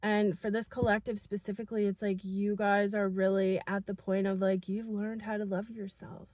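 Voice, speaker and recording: A young woman giving an intuitive spiritual message to her viewers, soft and earnest, with many fillers and moments of emotion. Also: mid-range voice, level tone, normal speed, no echo. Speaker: spiritual channel reader.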